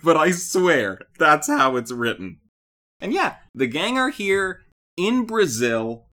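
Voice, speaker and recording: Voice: mid-range voice, wildly swooping pitch, takes it slowly, pushed and bright. A podcast co-host giving a casual, playful comedic movie review, telling the story with lots of energy.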